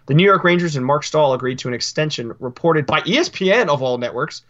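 A man's voice: fairly high pitch, lively intonation, quick pace, a bit bright, muffled recording. A man co-hosting a casual hockey podcast, reading results and news with dry, grumbling humor.

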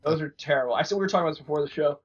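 A man's voice: on the high side, very fast, slightly rough. Young guy co-hosting sports chat, jokey, rambly, muffled lo-fi mic. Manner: joking, rambling, repeats words. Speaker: podcast co-host. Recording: dull lo-fi recording.

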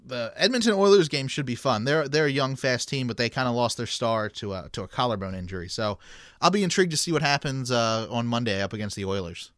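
A man co-hosting a sports podcast in casual chat, talkative and quick to laugh, often restarting his sentences. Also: mid-range voice, animated, fairly bright tone, no echo, clean studio sound. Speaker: podcast co-host.

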